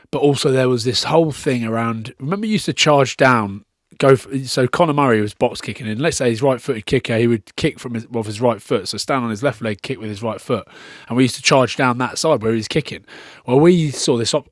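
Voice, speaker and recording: A man's voice: mid-range voice, no room sound, studio quality. A man from Scotland, a former rugby player, telling stories as a podcast guest in casual chat. He swears freely and acts out the people he quotes.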